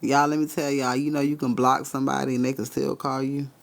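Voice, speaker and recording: A man's voice: mid-range voice, little pitch movement, brisk, gravelly. A man giving spiritual readings on a casual live stream, cursing freely, laughing often and talking straight to his chat.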